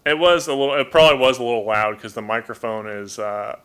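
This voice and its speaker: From a room in his home, a livestream host who keeps toucans chats casually about his birds at a desk microphone. His mid-range voice is quick, a bit bright, and smooth, and he often repeats words while thinking.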